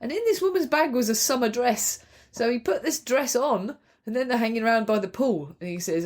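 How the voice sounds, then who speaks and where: A woman co-hosting a podcast, telling stories in an animated, chatty way. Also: fairly high pitch, moderate pace. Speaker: podcast co-host. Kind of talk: casual book discussion.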